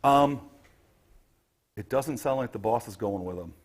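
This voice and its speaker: A man's voice: medium pitch, unhurried. A man running a tabletop game as game master, narrating the scene vividly.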